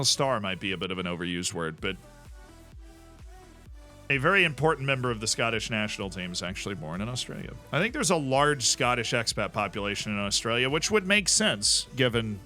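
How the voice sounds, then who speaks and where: A man with a bright, forceful voice streams a sports management game live. He chats loosely, reacts to plays and answers his chat, with faint game music underneath. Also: medium pitch. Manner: chatty, reacts to the match and reads out chat. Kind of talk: live gameplay commentary.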